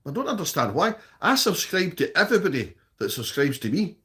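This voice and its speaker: Scottish man, live stream chat, reads comments aloud, slightly higher voice. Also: big pitch swings, fairly quick, fairly bright tone. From Scotland. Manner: chatty, reads viewer comments aloud and answers them.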